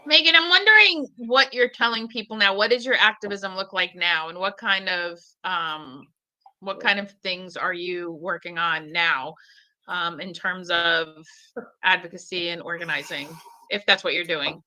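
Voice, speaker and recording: A woman's voice: fairly low pitch, moderate pace, sharp tone. A woman hosting a podcast who asks interview questions with hesitant, searching phrasing. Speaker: podcast host.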